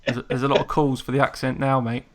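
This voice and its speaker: A man's voice: mid-range voice, flat delivery, fast talker. A man hosting a live-stream chat, talking casually, laughing often and repeating his words. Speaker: host.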